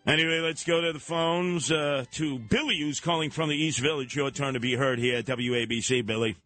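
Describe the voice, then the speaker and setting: A man hosting a talk radio show with mocking, animated comic riffs. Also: fairly high pitch, fairly quick, soft background music. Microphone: studio microphone.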